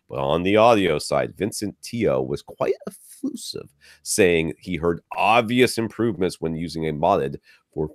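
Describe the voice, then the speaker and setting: A man's voice: sits low, no room sound, studio quality. A man co-hosting a podcast in casual chat, blunt and wry, congested from a sinus infection. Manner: blunt, wry, reads listener questions aloud. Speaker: podcast co-host.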